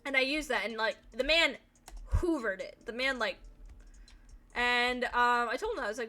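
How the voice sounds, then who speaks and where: A young woman streams and chats casually, her voice bright and a little high. She rambles through a story, packing it with fillers and the odd swear word. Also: fast talker. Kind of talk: casual chat while streaming a game.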